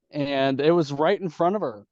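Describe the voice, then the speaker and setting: He's a podcast guest with a fairly high, slightly mellow voice, heard on dull, dry audio. His storytelling is candid and laid-back, full of swearing, and he acts out each party in the conversations.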